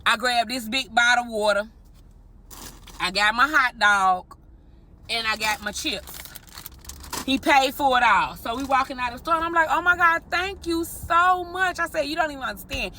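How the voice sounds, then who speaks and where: A married woman telling an animated story straight to her viewers in a vlog, often calling them y'all. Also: a little high, a little fast, slight background noise. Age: adult, married. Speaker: vlogger.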